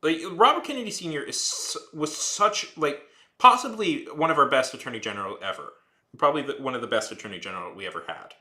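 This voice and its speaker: Streamer man, 30s, rambling and ranty, sharp bright tone, echoey room. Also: medium pitch, animated, fast. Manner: rambling, heavy use of "like", restarts and trails off; heated, ranting. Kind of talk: casual rambling chat while drawing.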